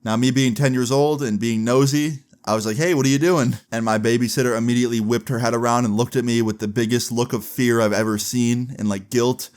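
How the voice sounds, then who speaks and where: A man's voice: mid-range voice, level tone, brisk, hardly any pauses, darkish tone. Chatty young man telling a storytime. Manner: chatty and candid, heavy use of "like", casual swearing. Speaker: vlogger. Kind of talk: casual storytime narration.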